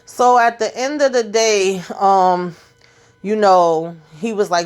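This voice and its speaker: A woman's voice: fairly low pitch, steady tone, measured pace, clean tone. A woman hosting a casual TV episode recap, telling it in a chatty, slangy way and acting out what the characters say. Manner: chatty, slangy storytelling that acts out the characters' lines. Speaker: TV recap channel host.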